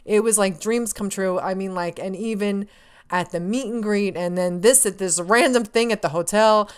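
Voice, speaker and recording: A woman vlogger telling a story in a casual, excitable, rambling way, full of fillers and acted-out lines of her own. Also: medium pitch, normal speed, clean tone.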